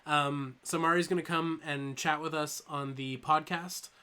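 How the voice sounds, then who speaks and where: A man's voice: a little high, steady tone, a little slow, bright, forceful tone, clean tone. Chatty young man hosting a live stream. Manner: loose and joking, many ums, reads chat aloud. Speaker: toy channel host streaming live. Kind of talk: casual live-stream chat.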